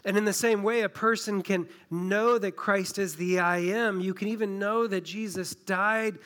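A pastor preaching a sermon in a conversational, emphatic way, walking through a scripture passage with a story and a local example. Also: male voice, sits high, steady tone, normal speed, a bit bright, clear, resonant tone. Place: church in a small town.

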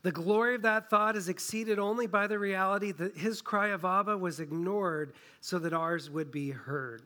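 A man preaching a sermon, earnest, often dropping soft and low on key phrases. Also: moderate pace. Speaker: pastor.

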